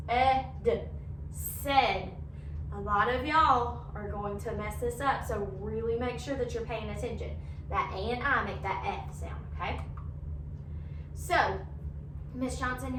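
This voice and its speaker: A young woman teaching a phonics lesson to young children, asking coaxing questions in a slow, sing-song way. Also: fairly high pitch, bright, forceful tone, slight background noise.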